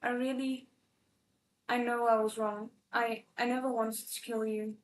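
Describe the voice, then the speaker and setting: A woman reading the lines of a remorseful young male disciple who speaks quietly and haltingly. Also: fairly high pitch, level tone, distant mic, close to an everyday voice. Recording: echoey room.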